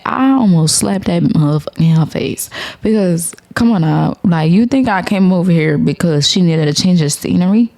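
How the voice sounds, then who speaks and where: Casting note: young woman, podcast host, gravelly low-ish voice, animated and profane. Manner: animated, profane, laughs often, addresses listeners as y'all. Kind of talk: casual storytelling to viewers.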